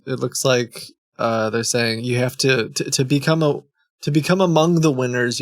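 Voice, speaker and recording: A man talks casually on a live stream, wandering between thoughts with ums and false starts as he reads out chat messages. His mid-pitched voice has a gravelly fry to it. The sound is dry and close, with no room around it. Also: dry recording. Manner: rambling, reads chat logs aloud with frequent ums and restarts.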